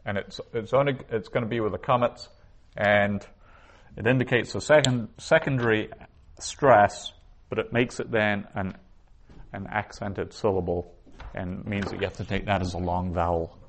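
A man's voice: fairly low pitch, steady tone, normal speed. A man teaching a class, explaining reading points patiently and methodically, with small restarts.

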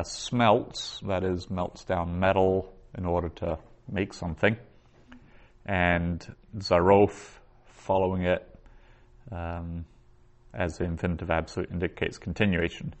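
Slow deep-voiced man teaching grammar. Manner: slow, methodical, reads Hebrew aloud syllable by syllable. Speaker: biblical Hebrew teacher. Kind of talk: classroom grammar lecture.

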